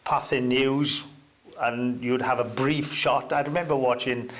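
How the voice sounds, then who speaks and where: A man's voice: steady tone, unhurried, fairly bright tone, a little hiss or hum. Older man telling stories. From Wales. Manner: reminiscing, with hesitant fillers and sudden lifts in pitch. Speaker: interview guest. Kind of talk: relaxed anecdotal storytelling.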